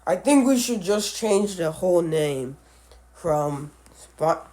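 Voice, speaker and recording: Slow, mellow-voiced man, a bit sick. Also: high voice, animated. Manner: halting, self-correcting, stumbles over names. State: sick, voice a little off. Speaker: animal video creator. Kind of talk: casual book read-along commentary.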